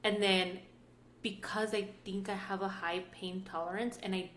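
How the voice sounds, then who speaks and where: A woman's voice: medium pitch, moderate pace, slight background noise. Candid thirties woman in a roomy space. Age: 30s. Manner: animated storytelling, switches between English and Spanish, swears freely. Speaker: podcast co-host. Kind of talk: candid casual chat. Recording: roomy echo.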